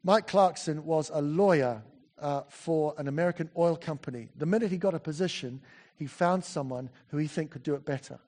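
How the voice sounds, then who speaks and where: A man preaching a sermon in a church, chatty and animated, full of asides and self-corrections. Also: a little high, a little fast.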